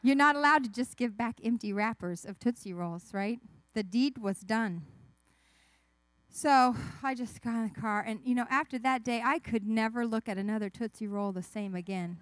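A woman giving a children's sermon, telling a story with lively asides and questions to the kids. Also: a little high, normal speed, no room sound. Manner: animated, asks the kids questions, acts out voices. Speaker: children's message speaker.

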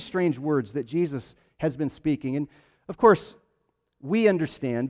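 A man preaching a sermon, telling stories with lively emphasis and frequent restarts. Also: mid-range voice, big-room sound. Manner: animated storytelling with repeated restarts.

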